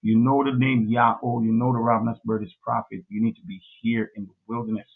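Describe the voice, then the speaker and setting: A man's voice: medium pitch, little pitch movement, brisk, husky. A man hosting a livestream in casual chat, effusive and repeating himself, often saying "man". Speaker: livestream host. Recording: tinny phone-like audio.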